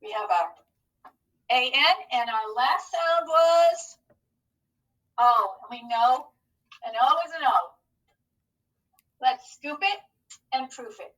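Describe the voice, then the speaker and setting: Slow, bright-voiced woman teaching phonics. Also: high voice, lively intonation, far from the mic, poor audio. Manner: slow, clearly enunciated, encouraging teacher talk. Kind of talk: phonics lesson for young children.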